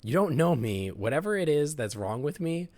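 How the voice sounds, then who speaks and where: A man's voice: a little high, sing-song, normal speed, a little mellow, no room sound, voice pushed up. A man reading the lines of a sarcastic young adult cat woman in a game, snappy and defiant.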